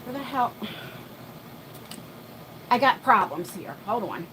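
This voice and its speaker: A woman's voice: fairly high pitch, big pitch swings, fairly bright tone, a little hiss or hum, low-quality recording. Chatty, breathless New woman livestreaming. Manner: chatty, talks to viewers and her dog while rushing around. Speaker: livestream host. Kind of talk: casual live chat. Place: home, moving between floors.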